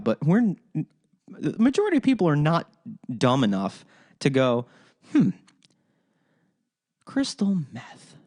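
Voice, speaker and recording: A man's voice: medium pitch, darkish tone. A man hosting a solo podcast, ranting in a rambling, profane way with frequent restarts. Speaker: podcast host.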